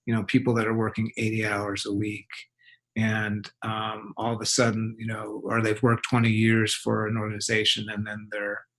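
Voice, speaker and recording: A man, a psychologist guest, explaining things deliberately with hesitant, measured phrasing. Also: lowish voice, completely flat delivery, fairly bright tone.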